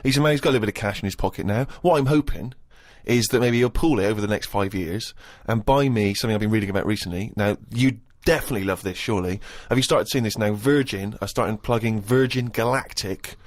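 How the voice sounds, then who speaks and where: Dry, sarcastic co-host. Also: male voice, lowish voice, fast talker, hardly any pauses, dry recording. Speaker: comedy podcast co-host. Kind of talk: comic studio banter.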